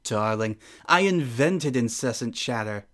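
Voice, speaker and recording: A man's voice: medium pitch, expressive, unhurried, natural voice. A man voicing a regal, ancient female sun princess in a fan audio drama, with a refined, formal and dryly amused manner.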